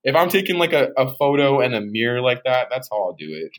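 A man's voice: medium pitch, very animated, fast talker, poor audio. Laid-back young man, laughing guest. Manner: laid-back, laughs a lot, swears casually. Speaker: podcast guest. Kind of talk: casual chat.

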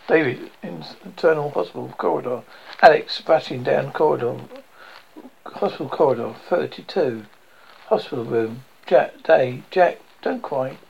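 Gravelly man reading a screenplay. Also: fairly high pitch, darkish tone, dull audio, a little hiss or hum. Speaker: script reader. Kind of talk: reading a screenplay aloud with stage directions.

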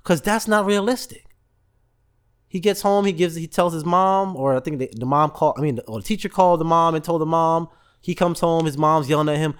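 A man hosts a casual motivational talk, telling stories and acting out the voices of the people in them. His voice sits a bit high for a man, and it swings up and down as he gets into each scene. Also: brisk, clean tone. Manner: animated storytelling, acts out voices in quotes, laughs often. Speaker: podcast host.

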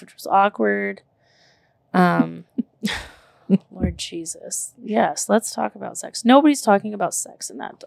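A woman in her thirties telling a story in casual chat, animated and emphatic, full of "like" and the odd curse word. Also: mid-range voice, creaky, no room sound, studio quality. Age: 30s.

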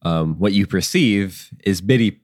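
A man running a tabletop game as game master, talking in a loose, halting way full of ums and likes. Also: low-pitched, expressive, darkish tone, dry recording, studio quality.

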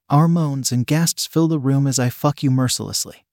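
A man narrating an intimate second-person audio story, with a stern, dominant, low growling delivery. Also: normal speed, darkish tone, dry recording, clean studio sound.

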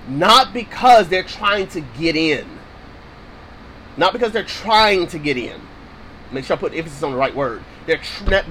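Man, high voice, preaching scripture, emphatic, repeats key lines, casual phrasing, faint background hiss. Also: a bit bright, poor audio. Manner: emphatic and repetitive, drives points home. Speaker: Bible teacher.

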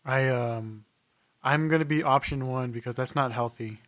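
A man's voice: mid-range voice, moderate pace, a bit bright. A man co-hosting a casual podcast, blunt and joking, swearing freely as he acts out little scenes. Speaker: podcast co-host.

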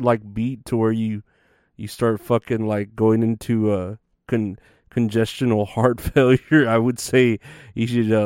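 A laid-back man rambles through casual stream chat, trailing off into fillers and tossing in swear words. His voice is smooth and clear, with a dry, close sound. He sits at a middling pitch for a man. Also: a little mellow, no echo. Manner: meandering, full of fillers and swearing. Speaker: livestreamer.

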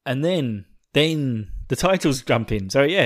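A man's voice: medium pitch, lively intonation, normal speed, hardly any pauses. A young man from England with an Essex accent, hosting a podcast in casual, self-mocking chat and laughing often. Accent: Essex English. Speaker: podcast host.

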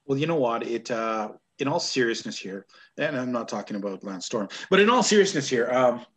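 A man's voice: mid-range voice, moderate pace. Canadian man hosting a wrestling chat. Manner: jokey, grumbling, laughs often. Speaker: podcast host. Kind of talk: casual chat.

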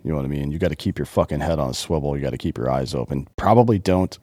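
A man's voice: a bass voice, very fast, warm tone, no echo, clean studio sound. A man co-hosting a podcast in casual chat, blunt and profane, talking with heavy emphasis. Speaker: podcast co-host.

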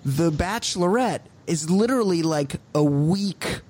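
A man co-hosting a comedy podcast, telling stories in an animated, profane way and laughing as he goes. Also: fairly high pitch, measured pace, breathy edge. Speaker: podcast co-host. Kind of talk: casual comedic chat.

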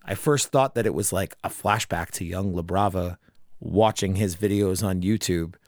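A man's voice: deep voice, normal speed, dry recording, studio quality. A man in his thirties hosting a podcast, rambling and joking with friends and swearing freely. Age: 30s. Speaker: podcast host. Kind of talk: casual podcast chat.

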